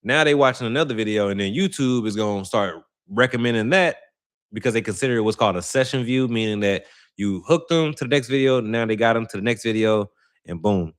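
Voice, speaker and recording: Rambling St. guy, low voice. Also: a little fast. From St. Louis, Missouri. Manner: rambling, slangy, self-correcting. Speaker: channel host. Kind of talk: casual livestream chat.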